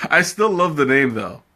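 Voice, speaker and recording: A man's voice: fairly high pitch, bright, forceful tone. A man hosting a live tea tasting, chatting casually with viewers, laughing often and thinking aloud. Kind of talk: casual live-stream chat, answering viewer comments.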